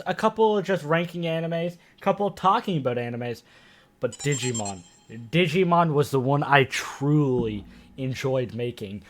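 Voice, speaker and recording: A man giving casual commentary on an anime for his video channel, rambling and swearing freely. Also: fairly high pitch. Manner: animated, profane, rambling.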